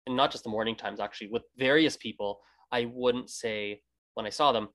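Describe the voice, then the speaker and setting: A man's voice: mid-range voice, brisk, fairly bright tone. A Canadian man hosting a casual interview, rambling with many restarts. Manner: rambling, many restarts, acts out quoted greetings. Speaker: podcast host.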